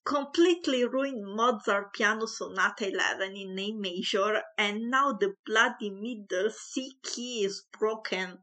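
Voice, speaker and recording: A woman voicing a pompous, hot-tempered squire father in a read-aloud story, given to theatrical booming outbursts. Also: unhurried, hardly any pauses, pushed and bright. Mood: raging.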